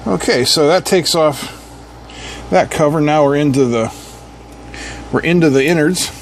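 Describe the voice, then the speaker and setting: A man's voice: fairly high pitch, unhurried, slight background noise. A man hosting an electronics teardown, talking casually with wry, sarcastic asides and little hums. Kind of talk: casual hands-on teardown commentary.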